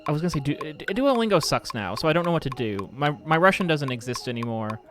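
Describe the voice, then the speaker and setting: A man's voice: fairly high pitch, animated, fast, over music. A man hosting a casual live stream, rambling with lots of fillers and joking about how words get pronounced. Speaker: podcast host streaming.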